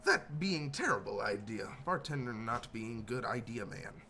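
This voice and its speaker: A man voicing an excitable male goblin who talks in broken sentences and repeats himself eagerly. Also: mid-range voice, a little slow, soft background music.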